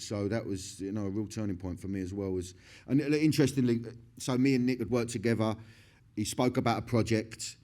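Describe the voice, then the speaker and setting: A man's voice: fairly low pitch, a little mellow. A middle-aged man, talking in a candid stage interview, swearing constantly, laughing often and restarting his sentences. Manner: profane, laughing, rambling with many restarts.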